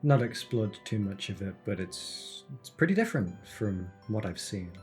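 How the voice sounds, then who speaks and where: A man's voice: fairly low pitch, big pitch swings, moderate pace, darkish tone, soft background music. A man playing a jester in a tabletop game, awkward and self-deprecating, often stammering. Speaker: player.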